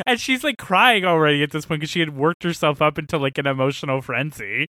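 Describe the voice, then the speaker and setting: A man's voice: on the high side, a little fast, no room sound, clean studio sound. A young man co-hosting a casual podcast chat, telling stories with lots of laughter and acted-out quotes. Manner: animated storyteller, laughs often. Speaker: podcast co-host.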